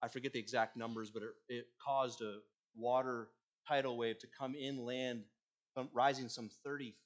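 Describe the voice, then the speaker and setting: A male pastor preaching a sermon, earnest, swinging between loud emphasis and quiet, hushed endings. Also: mid-range voice, level tone, moderate pace.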